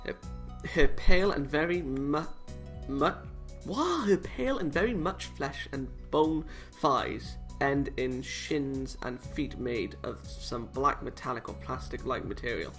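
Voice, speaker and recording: A man's voice: medium pitch, lively intonation, unhurried, fairly bright tone, faint music behind. A man casually reading a visual novel aloud, cutting in with sarcastic, self-mocking jokes. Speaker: let's play host reading a visual novel. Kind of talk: casual read-aloud with joking asides.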